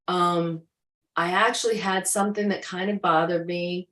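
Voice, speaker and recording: A woman's voice: fairly low pitch, steady tone, normal speed, a bit bright. A woman on a video call chatting casually about spiritual growth in a reflective, meandering way, acting out her own inner thoughts. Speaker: co-host. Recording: echoey room, distant mic.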